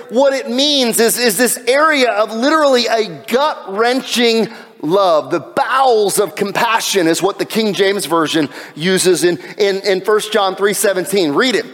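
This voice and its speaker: A man preaching a sermon in an animated way, with jokes and asides. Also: sits high, long reverb tail. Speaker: pastor.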